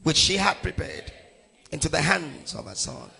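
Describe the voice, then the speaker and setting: Male pastor, from Nigeria, middle-aged, husky gravelly voice, animated pitch swings, leads scripture reading, shouts key lines. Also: moderate pace. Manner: leads verse by verse, calling on the congregation, voice rising to shouts. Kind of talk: sermon with congregational scripture reading.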